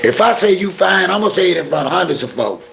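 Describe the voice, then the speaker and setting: A man with a raised pitch and a rough, gravelly voice hosts a casual live stream. He chats with viewers in playful flirty banter. He also launches into blunt, exasperated rants. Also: sing-song, fast, a bit bright, a little hiss or hum. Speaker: YouTube live-stream host.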